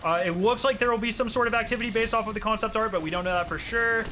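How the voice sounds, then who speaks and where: A young man streaming a game, chatting casually and excitably, with frequent swearing and sudden outbursts. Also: high voice, very fast, slight background noise. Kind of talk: casual gameplay commentary.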